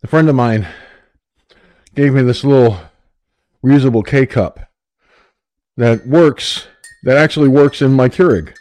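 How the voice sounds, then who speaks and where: A man hosts a call-in radio show, winded and rambling, talking himself through a scramble to get on air. His voice sits at an ordinary middle pitch. The recording is dry and close, with no room sound around him. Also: slow pace, pauses often, a little mellow, no echo. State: out of breath. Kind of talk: casual call-in show chat.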